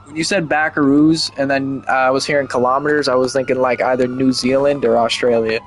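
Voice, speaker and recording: A man's voice: mid-range voice, little pitch movement, fairly quick, rough recording. A young man streaming a game, chatting casually and rambling with lots of "like" and swearing. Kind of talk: casual gaming stream chat.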